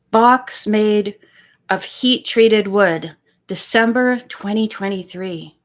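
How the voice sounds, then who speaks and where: A woman hosting a casual live stream, chatting in a rambling way and counting pages aloud. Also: medium pitch. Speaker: live-stream host reading a book.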